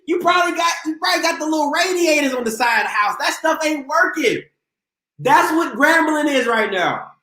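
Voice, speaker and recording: A man hosting a live call-in sports show who trash-talks with a playful, boastful swagger. His voice sits high and bright, and it swings widely in pitch. The echo of the room is clear around him.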